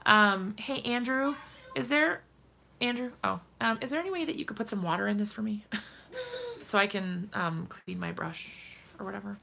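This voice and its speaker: A woman's voice: mid-range voice, normal speed, gravelly, noisy background. A woman in her thirties hosting a casual crafting demo from her home craft desk, chatting straight to viewers and laughing often. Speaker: crafting livestream host.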